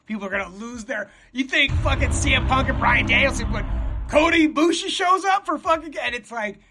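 A young man rambling in a casual, profane chat, getting excited as he talks. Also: extremely high pitch, brisk, noisy background.

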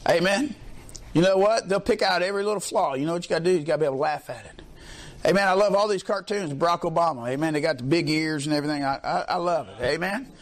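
A man preaching a sermon in a colloquial way, leading call-and-response with the congregation and often swelling into shouts. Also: fairly high pitch, fast talker. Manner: colloquial, peppers lines with "amen", swells into shouts.

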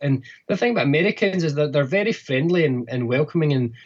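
A Scottish man from a bagpipe band, answering interview questions in a halting way with many restarts. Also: on the high side, lively intonation, husky. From Scotland. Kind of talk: casual interview. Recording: muffled lo-fi line.

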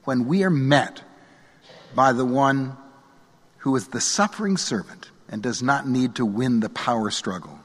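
A middle-aged man preaching a sermon from a church pulpit, measured and earnest, letting his phrase endings fall softly. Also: mid-range voice, expressive. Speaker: pastor. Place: church sanctuary. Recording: long church reverb.

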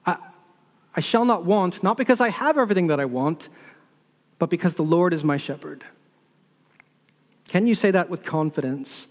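The long reverb of a large hall surrounds a pastor whose sermon builds repetitive lists and poses rhetorical questions. He has a high voice, speaks at normal speed, and pauses often.

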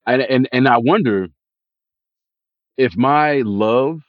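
A man's voice: mid-range voice, takes it slowly, no echo. A man co-hosting a podcast, bantering casually and laughing along. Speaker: podcast co-host. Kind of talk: casual chat. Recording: dull lo-fi mic.

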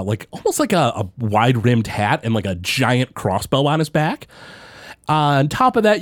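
A man's voice: no room sound, clean studio sound. A young man running a tabletop game as game master, rambling with many fillers. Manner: rambling, lots of fillers, pitch jumping around.

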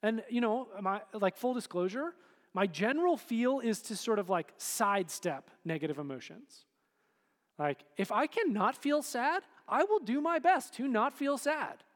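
High-voiced casual preacher in a hall. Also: male voice, expressive, a little slow. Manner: casual, conversational preaching with many fillers. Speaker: pastor. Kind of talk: sermon. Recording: hall reverb.

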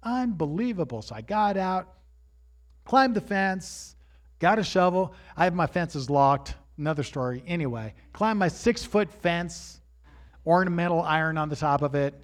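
A man preaching as he tells a personal story with animation, rising to shouts at the high points. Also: a little slow.

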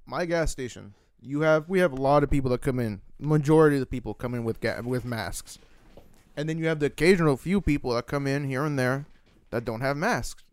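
Fast, smooth-voiced young man chatting. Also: medium pitch, no room sound. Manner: swears often, tells stories with acted quotes. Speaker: podcast co-host reading chat. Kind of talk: casual chat.

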